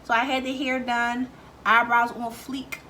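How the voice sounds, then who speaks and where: Chatty, bright-voiced young woman vlogger. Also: on the high side, measured pace, a little hiss or hum. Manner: chatty, animated, swears freely, acts out quotes. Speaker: beauty vlogger. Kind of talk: casual storytelling vlog.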